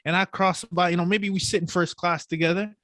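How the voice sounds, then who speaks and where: A man's voice: high voice, steady tone, fairly quick, a bit bright, no room sound. A man hosting a podcast interview, talking with energy and slang and often restarting his sentences. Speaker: podcast host.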